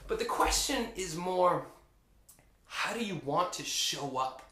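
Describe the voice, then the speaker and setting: An enthusiastic man hosts a casual motivational vlog. He talks in an upbeat, animated way, with a fairly high voice. His voice rings in an echoey room. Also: slow. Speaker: vlogger.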